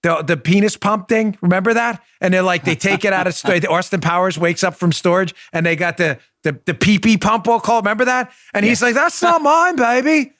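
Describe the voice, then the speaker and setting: A combative male host with a high, bright-edged voice, hammering each point with mocking emphasis. He sits close to the mic in a dry, dead room with no echo at all. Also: brisk, hardly any pauses. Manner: does a high silly impression voice in bursts. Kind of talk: political commentary show.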